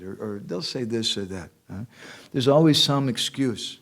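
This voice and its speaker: A man's voice: fairly low pitch, animated, a little fast, a bit bright. Man explaining verses to an audience. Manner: explains verses line by line, translating each one; asks the audience short questions like "huh?". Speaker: speaker at a temple class. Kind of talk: devotional class talk.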